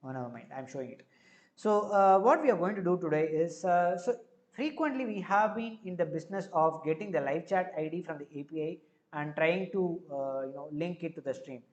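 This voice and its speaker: A man with an Indian accent, hosting a live coding stream, who explains each step as he goes and fills pauses with frequent filler words. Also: a little high, a little mellow, dull audio.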